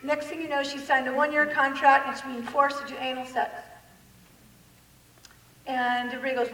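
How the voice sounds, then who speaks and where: A woman giving an animated public talk, laughing often and acting out the people she quotes. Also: high voice, moderate pace, long pauses. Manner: lively, laughing, quotes people in acted voices. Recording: echoey hall from far off.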